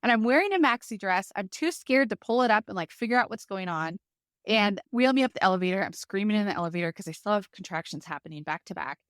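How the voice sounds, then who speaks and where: Podcast guest, a woman, middle-pitched, close and dry mic, vivid and chatty storytelling. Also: fast talker, dry recording. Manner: lively, vivid retelling with many fillers like "like". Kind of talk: personal storytelling.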